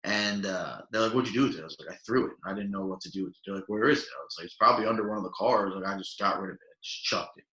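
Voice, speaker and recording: A man's voice: lowish voice, very fast, few pauses. A young man telling rambling stories in casual podcast chat, full of fillers and acted-out quotes. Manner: rambling, filler-heavy, animated quoting. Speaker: podcast co-host. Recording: echoey room.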